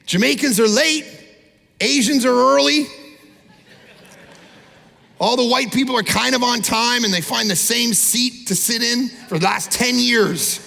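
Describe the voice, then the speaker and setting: A man preaching an animated sermon as pastor, with shouting peaks and quick impressions of people. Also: extremely high pitch, vocal fry. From Canada. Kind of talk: energetic sermon. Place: large church auditorium. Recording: long hall reverb.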